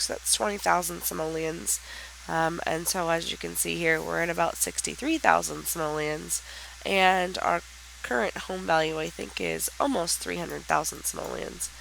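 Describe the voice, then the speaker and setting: Sick, raspy nasal woman. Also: fairly low pitch, normal speed, fairly bright tone, slight background noise, rough recording. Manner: hesitant, chatty explaining. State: raspy and nasal from a sinus infection. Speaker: let's play host. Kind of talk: casual game commentary.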